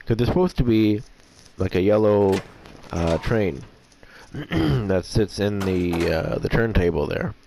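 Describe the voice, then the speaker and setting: Man, casual let's-play commentary, deep low voice, gravelly fry, hesitant fillers, throat clearing. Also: lively intonation, slow pace, warm tone, a little hiss or hum. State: voice getting rough. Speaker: gameplay commentator.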